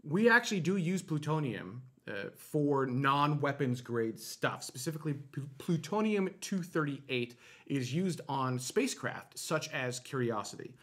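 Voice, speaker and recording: A man's voice: a little high, lively intonation, measured pace, a bit bright. A man co-hosting a live online space show, chatting casually and explaining space news with plenty of fillers and restarts. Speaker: show co-host.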